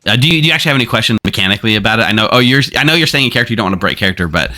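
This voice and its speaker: Low bright-toned man running a game. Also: animated, racing. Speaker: game storyteller and stream host. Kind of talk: running a social deduction game on stream.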